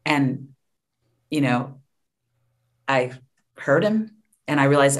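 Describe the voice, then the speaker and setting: A woman in her fifties speaking openly as an interview guest, frank and quick to laugh, with some stumbling restarts. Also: extremely low pitch, expressive. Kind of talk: candid interview conversation.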